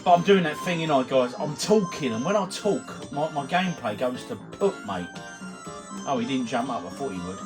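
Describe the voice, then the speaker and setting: A man's voice: medium pitch, animated, normal speed. A man, a few beers in, chatting and bantering casually while he plays retro games at home. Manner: chatty, jokey banter, commentating while playing. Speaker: retro gaming vlogger. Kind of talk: casual gaming vlog chat. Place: at home, indoors. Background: game music.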